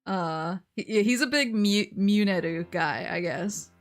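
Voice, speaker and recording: A woman vtuber chatting casually on stream, telling a long rambling story, laughing often and quoting people in lively voices. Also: medium pitch, slow pace, soft background music.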